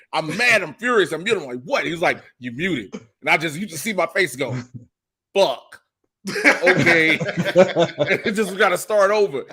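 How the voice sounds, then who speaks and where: A man co-hosting a podcast over a remote call, his voice a little high. He talks in an animated way, swears freely and acts out his own reactions. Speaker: podcast co-host. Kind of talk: casual podcast chat.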